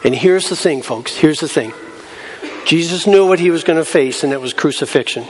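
A man's voice: on the high side, normal speed, slight background noise. A man preaching a sermon, talking to the congregation in a conversational way and acting out scenes from the Bible in different voices. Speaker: pastor. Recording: long hall reverb.

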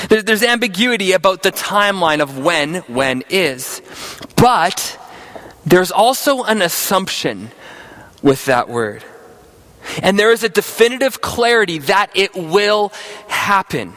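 A man with a high voice preaches an earnest sermon. He reads scripture aloud, then talks directly to viewers at home, often stumbling and restarting a phrase as he works through the idea. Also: very animated, measured pace, fairly bright tone, rough recording. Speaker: pastor.

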